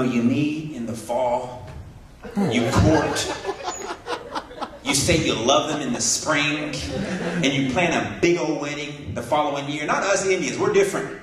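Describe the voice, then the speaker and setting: A man's voice: on the high side, moderate pace, a loud crowd. A man doing a stand-up comedy set, telling stories and acting out the people in them. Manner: animated storytelling, acting out other people's voices. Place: hall with a live audience. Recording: echoey hall from far off, audience laughing.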